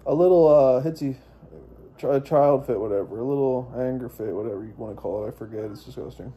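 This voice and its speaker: A man's voice: mid-range voice, fast, mellow, breathy edge. A young man telling a personal story in a rambling, profane monologue, full of fillers and restarts. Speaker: vlogger.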